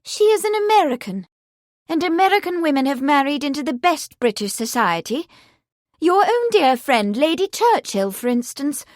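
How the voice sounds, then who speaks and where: A woman reading an audiobook, voicing an earnest, outspoken young sister who talks quickly and urgently. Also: high-pitched, big pitch swings, no room sound, clean studio sound, pitched above the performer's own voice.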